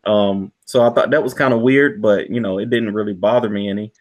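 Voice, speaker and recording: A man's voice: fairly low pitch, fairly even intonation, a little fast. A man giving a casual movie review, rambling with lots of "you know" fillers. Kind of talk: casual podcast review chat.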